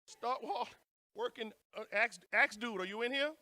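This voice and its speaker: A man's voice: very high-pitched, moderate pace, sharp tone, dry recording. A man with a New Orleans accent, emceeing a conference and joking playfully with the audience. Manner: playful, joking banter with the crowd. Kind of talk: hyping up a live audience.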